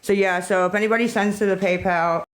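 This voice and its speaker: A woman's voice: medium pitch, steady tone, fast, poor audio. A woman livestreaming on her phone, ranting in an agitated, profane way and rambling between topics. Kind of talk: rambling live-stream talk.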